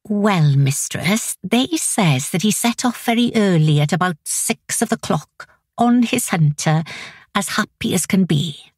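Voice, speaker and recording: A woman reading an audiobook, voicing a plain-spoken male farmhand with dialect phrasing and a slow, deliberate delivery. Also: medium pitch, expressive, breathy edge, no room sound, clean studio sound, voice pushed down. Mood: worried, reporting.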